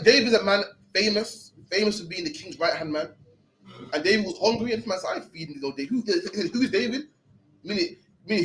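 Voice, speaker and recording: A man's voice: high-pitched, fairly bright tone, slight background noise, poor audio. A young man leading a scripture class in a loose, blunt, slang-heavy teaching style. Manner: streetwise, blunt, peppered with slang.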